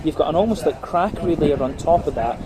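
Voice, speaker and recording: A man's voice: on the high side, lively intonation, quick pace, crowd noise. A man giving a casual, methodical beer tasting review, talking through the flavours layer by layer with plenty of ums and uhs. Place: on a brewery visit.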